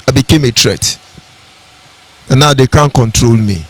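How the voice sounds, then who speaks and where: A man's voice: medium pitch, unhurried. A man with a Nigerian accent giving an impassioned, preacherly radio address and repeating his key phrases. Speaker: radio broadcaster.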